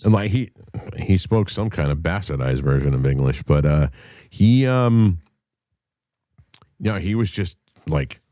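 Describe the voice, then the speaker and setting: A man's voice: low voice, animated, unhurried, long pauses, mellow, no room sound, clean studio sound. A man hosting his own talk show, telling a story in a heated, profane manner. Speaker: podcast host. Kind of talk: casual talk-show monologue.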